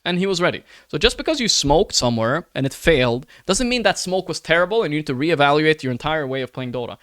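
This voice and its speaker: A man's voice: on the high side, lively intonation, fast, a bit bright, no room sound. A man streaming live and ranting to his chat. He swears often, keeps asking "right?" and calls his listeners brother in an earnest, pleading way.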